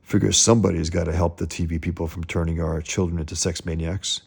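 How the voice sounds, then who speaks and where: A man's voice: deep voice, level tone, fast, full character voice. A man voicing a blustering, bullying middle-aged father who hectors his son. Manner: gruff, hectoring.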